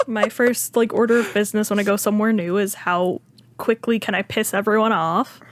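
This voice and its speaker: A woman's voice: mid-range voice, steady tone, fairly quick. A woman in casual podcast chat, throwing in wry quips. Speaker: podcast co-host.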